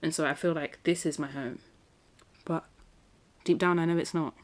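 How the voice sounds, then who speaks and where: A woman's voice: deep voice, steady tone, normal speed. A young woman from England hosting a solo podcast, talking in a reflective, chatty way with lots of fillers. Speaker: podcast host. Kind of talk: casual solo podcast talk.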